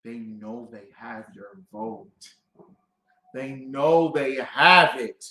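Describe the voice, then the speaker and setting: A man hosting a talk show, ranting with passion and swinging from low muttering to outbursts of shouting. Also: drawn-out words, roomy sound, low-quality recording. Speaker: host. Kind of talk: impassioned talk-show rant.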